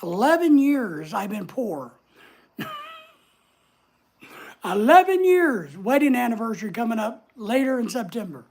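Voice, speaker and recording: A woman hosts a casual livestream in a fairly high voice. She chats easily with her viewers, reading their comments aloud and answering them as she goes. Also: very animated, measured pace, pauses often, a little mellow, husky. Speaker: livestream host.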